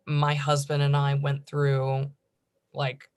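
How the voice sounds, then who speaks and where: A woman's voice: low voice, completely flat delivery, slow pace, a little mellow, clean tone. Chatty mother on a panel. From United States. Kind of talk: conference panel discussion.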